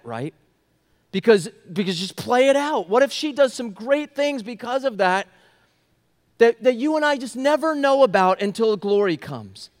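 A young man preaching a sermon as a pastor, telling a story and swinging between loud, urgent passages and hushed, quiet ones. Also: sits high. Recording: long reverb of a large hall.

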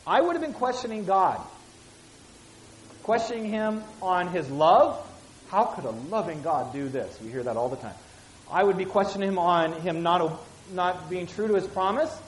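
Woman Bible teacher, lively and conversational, asks listeners questions; echoey room. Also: lowish voice, moderate pace, slight background noise. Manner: reads scripture aloud with acted voices, then explains casually; asks listeners questions and repeats key phrases.

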